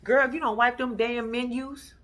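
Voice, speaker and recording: In a fairly high voice at a moderate pace, a woman runs a casual vlog where she walks viewers through a TV episode. She's profane and animated, laughing as she narrates and calling her audience "y'all."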